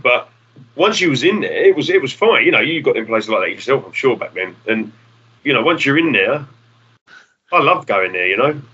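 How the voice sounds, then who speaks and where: Bright-voiced musician telling stories. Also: male voice, medium pitch, sing-song, moderate pace, breathy edge, dull audio. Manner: rambling, swears casually, acts out the people in his stories. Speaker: guest musician. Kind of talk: casual storytelling.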